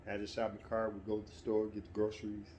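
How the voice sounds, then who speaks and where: A man's voice: fairly low pitch, fast, a little hiss or hum. Middle-aged man telling a casual story. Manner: relaxed, conversational, breaks into animated quoted voices. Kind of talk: casual spoken anecdote.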